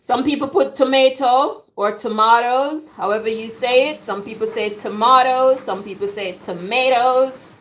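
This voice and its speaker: A middle-aged Jamaican woman chatting through a home cooking video in her kitchen, jokey and quick to laugh. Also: fairly high pitch, a little hiss or hum. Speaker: cooking vlogger. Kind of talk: casual cooking chat.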